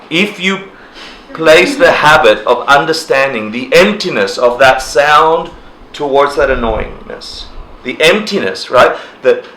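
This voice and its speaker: A man teaching a relaxed class, talking casually, laughing often and acting out people's reactions. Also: medium pitch. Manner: animated, laughs often, acts out quoted reactions. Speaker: dharma teacher. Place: indoor class room. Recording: roomy echo, faint ambient noise.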